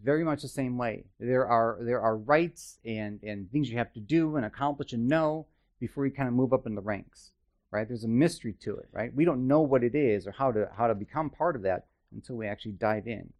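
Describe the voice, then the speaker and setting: Man, Bible study teacher, conversational, self-deprecating asides, mid-pitched voice. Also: a little fast, a little mellow, highs cut off. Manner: chatty asides, checks in with the listeners.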